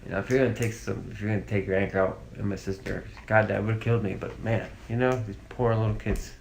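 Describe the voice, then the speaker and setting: A man's voice: on the low side, steady tone, fast talker, gravelly, slight background noise. A man speaking as an interview guest, recalling family memories in a rambling, casual way full of fillers and restarts. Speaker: interview guest, victim's brother. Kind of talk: casual, emotional recollection.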